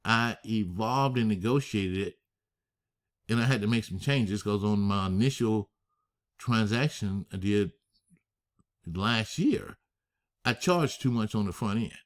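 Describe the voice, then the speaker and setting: A man teaching a masterclass on structuring deals, emphatic, asking rhetorical questions and slowing down to stress key phrases. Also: fairly low pitch. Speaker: real estate finance instructor.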